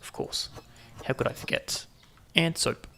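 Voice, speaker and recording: A man's voice: unhurried, bright, forceful tone. A man hosting a gaming video, giving casual running commentary with joking asides to viewers. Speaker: gaming channel host.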